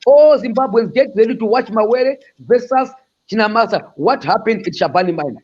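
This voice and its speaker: A man calling in with a raspy voice, ranting in a boisterous way and repeating boastful slogans. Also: high-pitched, expressive, moderate pace, a little mellow. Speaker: caller. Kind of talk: impassioned call-in rant. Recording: dull lo-fi call audio.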